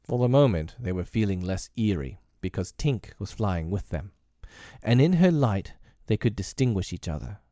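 A man narrating a classic children's novel aloud in a measured storytelling manner. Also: lowish voice, sing-song, mellow, no room sound, clean studio sound.

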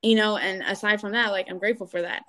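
A young adult woman guest in an interview, telling a painful family story with animated delivery and acted-out quotes of other people. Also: medium pitch, fast talker. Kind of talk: candid personal interview.

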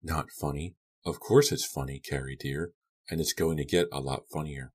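A man doing a softly menacing unhinged girl. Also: rumbling low, normal speed. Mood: quietly menacing. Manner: soft, quiet, eerily calm menace. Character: unhinged young woman, calm then vicious.

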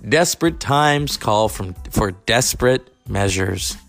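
A man's voice: lowish voice, animated, slow, vocal fry, fairly bright tone, faint music behind. A man from California hosting his own podcast, rambling through stories with profane, chatty asides. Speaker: podcast host. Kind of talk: casual monologue.

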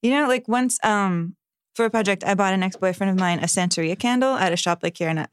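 A woman's voice: medium pitch, fast, smooth, dry recording, studio quality. Wry chatty woman on a podcast. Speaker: podcast guest host. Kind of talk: casual chat.

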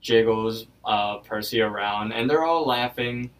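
A young man co-hosting a podcast, recapping an episode in loose casual chat, quick to swear and easily creeped out. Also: fairly low pitch, fairly bright tone. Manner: loose and profane, easily spooked. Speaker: podcast co-host. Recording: voice a bit distant from the mic.

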